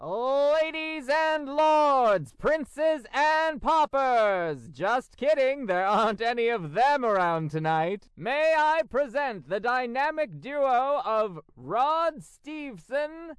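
A grand circus ringmaster announcing the next act, played by a man. His voice is very high and crisp, and he draws out every phrase. It sounds dry and close. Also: expressive, dry recording, heavily acted. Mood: grandiose. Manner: slow, theatrical announcing. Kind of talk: comedy sketch acting.

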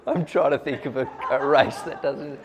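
A man's voice: mid-range voice, normal speed, crowd noise. A man preaching a sermon, telling stories earnestly with humorous asides. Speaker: pastor. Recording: long hall reverb.

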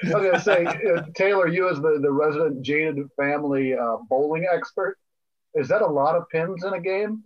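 A man's voice: fairly high pitch, moderate pace. A man co-hosting a casual podcast chat, dry and bemused, on dull lo-fi audio. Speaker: podcast co-host.

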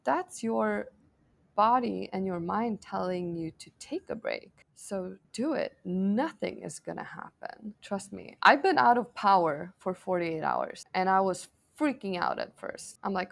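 Gravelly, lively storytelling woman. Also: mid-range voice, unhurried. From Sweden. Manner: animated storyteller, acts out quoted dialogue, swears casually. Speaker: podcast guest. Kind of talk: casual conversation. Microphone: video call.

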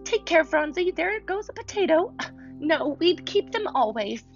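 A woman voicing an eager, bustling older girl who is the big sister, talking brightly and exclaiming often. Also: very high voice, sing-song, measured pace, muffled recording, soft background music, voice pushed up, heavily acted.

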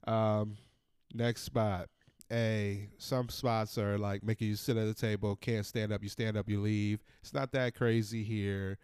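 A man in his thirties hosting a podcast, ranting in a casual, profane, animated monologue. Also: lowish voice, clear, resonant tone, dry recording, clean studio sound. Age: 30s. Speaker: podcast host.

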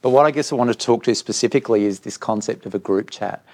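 A middle-aged school director speaks quickly in a medium-pitched voice at a live parent information night. He tells candid stories, growing animated when quoting dialogue from others.

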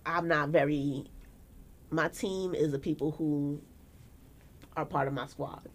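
A woman's voice: low voice, unhurried, a little hiss or hum. A woman, hosting a casual podcast and telling stories, acting out the people she quotes. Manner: animated storytelling, acting out quotes. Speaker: podcast host.

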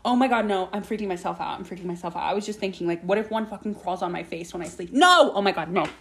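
A woman's voice: fairly low pitch, fast, few pauses, a little mellow, slight background noise. Chatty young woman podcaster, swearing freely. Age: young adult. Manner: chatty, swears a lot, jumps between topics. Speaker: podcast host. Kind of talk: casual rambling monologue.

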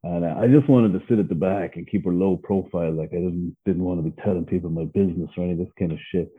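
A man's voice: low-pitched, quick pace, slightly rough. An Irish man, a podcast guest, telling his story in a blunt, profane, candid way and laughing as he goes. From Ireland. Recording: phone-like narrow sound.

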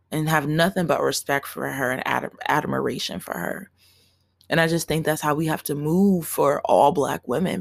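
A woman's voice: low-pitched, creaky, no echo. A young woman hosting her own podcast, talking earnestly and emotionally in a candid, profane solo monologue. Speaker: podcast host.

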